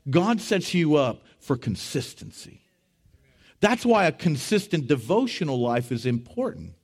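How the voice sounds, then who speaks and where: A man preaching a sermon as pastor, telling stories with humor and swinging between loud bursts and hushed asides. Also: a little high, very animated, measured pace, breathy edge. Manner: tells stories with humor and acts out quotes.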